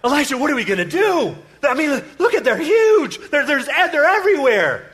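A terrified young servant cries out in a frantic rush, as a man acts him out in a church skit. The voice jumps high and swings widely in pitch. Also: sing-song, moderate pace, a bit bright, exaggerated voice. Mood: panicked. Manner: frantic, breathless exclaiming. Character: panicked young male servant.

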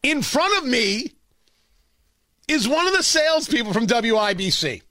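A middle-aged man from the New York and New Jersey area, a radio host telling a self-mocking story in an animated way. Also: very high-pitched, measured pace, no echo, studio quality. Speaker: radio talk show host. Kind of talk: radio monologue.

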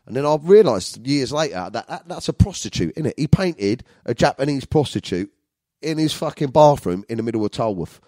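A man's voice: medium pitch, big pitch swings, brisk, warm tone, dry recording. A man, a comedian telling rambling, sweary stories about his family. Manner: sweary, rambling, with frequent fillers. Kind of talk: storytelling monologue.

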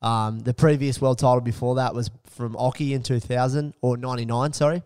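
A man's voice: medium pitch, steady tone, fairly quick, clear, resonant tone. An Australian man co-hosting a sports podcast, talking casually and rambling with lots of fillers. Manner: rambling, lots of fillers, drops quieter when musing. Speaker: co-host.

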